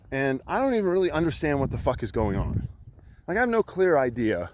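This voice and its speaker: A man's voice: medium pitch, big pitch swings, quick pace, slight background noise. A middle-aged man, a coach, telling a heated story in blunt, profane talk while out on a walk. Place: outdoors by a road.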